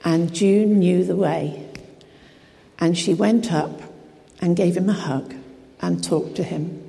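Woman preacher, lowish mellow voice, earnest and emphatic sermon delivery. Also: slow, gravelly, in a large hall. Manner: earnest, emphatic preaching with direct questions to the congregation.

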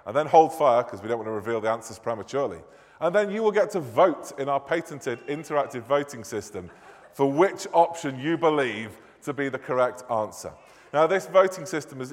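A man in his thirties from Manchester with a Northern English accent, running a playful quiz during a church service, joking with the congregation. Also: mid-range voice. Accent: Northern English, Mancunian. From Manchester, England. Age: 30s. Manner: jokey, self-deprecating, chatty with the congregation. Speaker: church minister. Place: church hall or nave. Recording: long church reverb.

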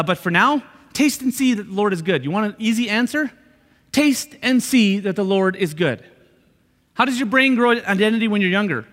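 This sermon comes from a pastor whose notably high, slightly bright voice rings out through a church hall's long reverb. His style is conversational: he repeats his points and keeps asking "right?" to check in with listeners.

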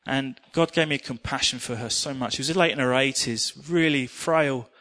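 Earnest preacher telling a testimony. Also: male voice, medium pitch, moderate pace. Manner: animated storytelling, earnest. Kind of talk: sermon with personal testimony.

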